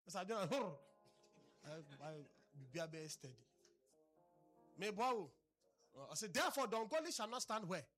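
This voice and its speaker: Faint music plays behind a male preacher whose animated sermon moves from loud exclamations to hushed low asides. His voice sits fairly high with a husky edge, and he speaks a little fast.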